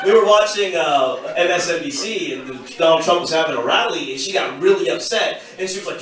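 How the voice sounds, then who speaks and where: A man's voice: on the high side, a little fast, few pauses, fairly bright tone. A man in his thirties doing a stand-up comedy set in a packed club, with wry, self-deprecating delivery. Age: 30s. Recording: echoey club from far off with crowd.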